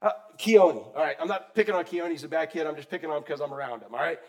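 A man preaching a sermon in a conversational way, quizzing the congregation and swinging between loud and soft. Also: fairly high pitch, fast talker. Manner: asks the congregation questions. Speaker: pastor.

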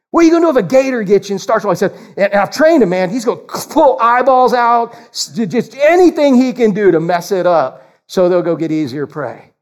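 High-voiced folksy preacher. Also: male voice. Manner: animated, folksy, laughs often. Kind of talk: sermon.

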